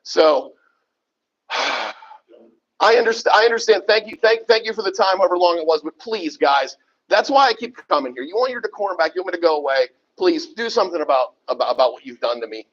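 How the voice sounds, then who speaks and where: Angry guy ranting at a township board, husky and kinda high, muffled lo-fi recording. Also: animated, a little fast, a bit bright. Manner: heated, profane, keeps tagging "okay?". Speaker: resident speaking at public comment. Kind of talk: angry public comment at a township meeting. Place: township meeting room. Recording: dull lo-fi meeting recording.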